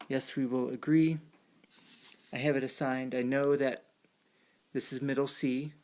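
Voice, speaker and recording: A man's voice: medium pitch, darkish tone. Man walking through a synth demo. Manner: explains step by step while working a keyboard and screen. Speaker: presenter at a tech talk. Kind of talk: live technical demonstration.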